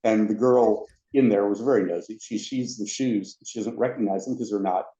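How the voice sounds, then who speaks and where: A man telling anecdotes as a podcast guest, a lively storyteller who acts out the other people in his stories. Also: lowish voice, moderate pace. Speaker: podcast guest, former theme park ride attendant. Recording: roomy, dull lo-fi sound.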